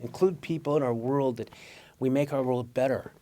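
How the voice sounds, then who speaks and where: A man's voice: mid-range voice, normal speed, dark tone. A middle-aged Mexican-American man telling stories in a talk, acting out voices and laughing often. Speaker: guest speaker. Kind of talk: storytelling talk.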